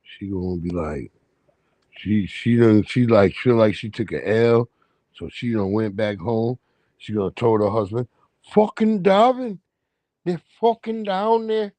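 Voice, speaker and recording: Profane, animated man hosting a livestream. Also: on the low side, a little slow, no room sound. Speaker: livestream host. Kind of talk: casual chat.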